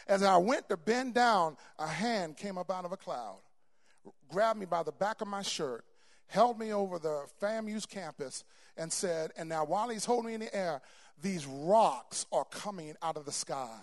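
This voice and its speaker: High-voiced man preaching with fervor. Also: lively intonation, moderate pace. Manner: stammering repeats, building to loud emphatic peaks. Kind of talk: sermon. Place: church before a congregation.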